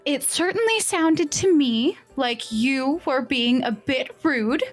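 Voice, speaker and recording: A woman voicing a shy, gentle bard who speaks softly and hesitantly. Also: high voice, animated, slow pace, soft background music, pitched above the performer's own voice. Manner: hesitant, soft-spoken.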